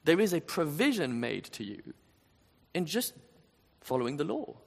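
A man delivers an earnest sermon, pushing his points and throwing rhetorical questions at the room at a moderate pace. His voice sits a little high, with a sing-song quality, wide pitch swings, and vocal fry, all echoing with the long reverb of a large hall.

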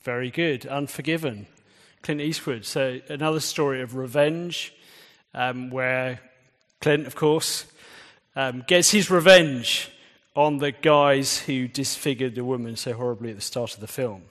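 A man of medium pitch and measured pace, his voice a bit bright, delivers a sermon in a church whose hall reverberates. He talks conversationally and poses quiz questions to the audience.

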